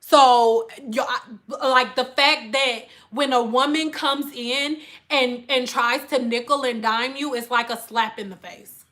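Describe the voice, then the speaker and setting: A woman hairstylist with a high, bright voice talks to her live-stream viewers. She speaks bluntly and emphatically in a casual chat. She slips into exaggerated voices when she quotes her customers. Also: fairly even intonation, unhurried. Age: adult with school-age children.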